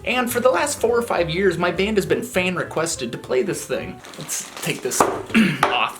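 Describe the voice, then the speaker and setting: A man's voice: high-pitched, unhurried. A man who sings and plays guitar in a touring band, telling a story to camera in casual, slangy talk and laughing as he goes. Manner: animated, laid-back slang, laughs while telling.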